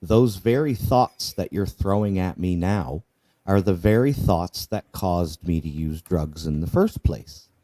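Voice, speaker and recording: A man's voice: deep voice, expressive, measured pace, mellow. A man telling his personal testimony in an earnest, candid way, often repeating himself and asking "right?". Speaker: guest sharing his life story.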